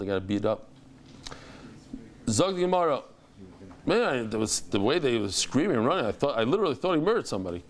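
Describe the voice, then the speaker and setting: A man over fifty teaching a Talmud lesson, telling stories and acting out the dialogue with exclamations. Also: medium pitch.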